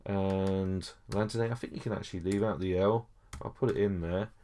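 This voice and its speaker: A man's voice: low voice, fairly even intonation, normal speed, dark tone. A man teaching a French lesson over a screen recording, explaining each step patiently with frequent okays and small hesitations.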